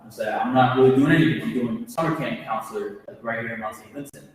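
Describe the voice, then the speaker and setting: A man's voice: medium pitch, quick pace. Young man, twenties, alumni speaker to students, casual storytelling, distant mic in a reverberant hall. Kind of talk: motivational talk to students. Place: large echoey hall. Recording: echoey hall from far off.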